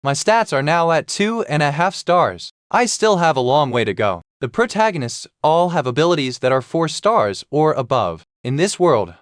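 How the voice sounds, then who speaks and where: A man's voice: mid-range voice, dry recording, clean studio sound. A man narrating a story recap in the first person, in an earnest, matter-of-fact way.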